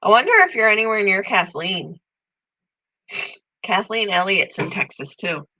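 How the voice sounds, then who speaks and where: A woman's voice: medium pitch, moderate pace, poor audio. A middle-aged woman hosting a casual live-stream chat, congested and tired, talking easily with viewers by name. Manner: chatty, talks to viewers by name, coos softly over pets. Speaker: channel host.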